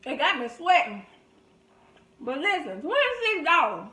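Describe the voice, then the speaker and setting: A woman's voice: sits high, measured pace. A woman, animatedly retelling a story while eating. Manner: animated, dramatic retelling with loud laughing outbursts. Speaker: mukbang vlogger. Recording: echoey room.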